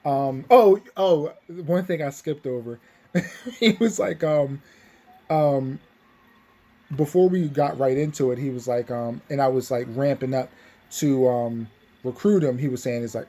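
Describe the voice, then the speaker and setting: A man's voice: medium pitch, measured pace, mellow. A young man casually recapping a tabletop game session, rambling with lots of fillers and restarts.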